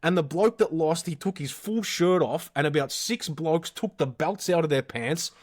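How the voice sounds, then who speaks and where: His voice sits a little high and moves at normal speed: an Australian man in his thirties co-hosting a podcast. He swears constantly while animatedly telling rowdy stories in casual conversation.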